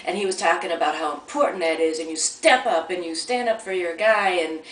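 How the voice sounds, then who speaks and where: A woman's voice: on the low side, brisk, a bit bright. A woman casually telling a personal story at home in a chatty, rambling way, often restarting her sentences. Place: at home, near a coffee maker. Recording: roomy sound from a distant mic.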